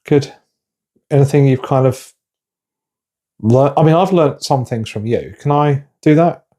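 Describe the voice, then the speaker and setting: A man's voice: medium pitch, measured pace, warm tone. A man hosting a podcast, talking in a chatty, self-deprecating way and often restarting his sentences. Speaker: podcast host. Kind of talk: casual conversational podcast.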